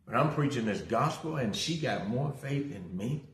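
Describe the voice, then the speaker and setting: A man's voice: mid-range voice, expressive, normal speed, fairly bright tone. A middle-aged male pastor giving a casual livestream sermon. He talks energetically, greets viewers by name and tells a story from his own life. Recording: roomy echo.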